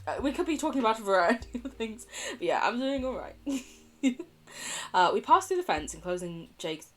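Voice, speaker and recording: A woman's voice: fairly high pitch, very animated, moderate pace. A woman streamer, reading a dating game aloud, giggling often, swearing and trying out voices for the characters.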